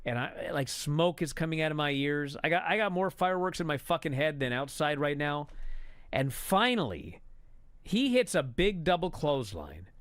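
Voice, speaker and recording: A man angrily recapping a wrestling show in a profane, exasperated rant that builds to shouting. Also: on the high side, lively intonation, normal speed, no echo, studio quality.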